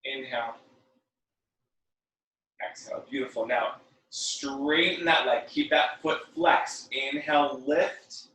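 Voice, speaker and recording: Echoey, slow-paced male workout instructor. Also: medium pitch. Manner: calm breath cues mixed with chatty, joking asides. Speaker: fitness and yoga instructor. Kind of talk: guided workout class. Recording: very echoey room, mic at a distance.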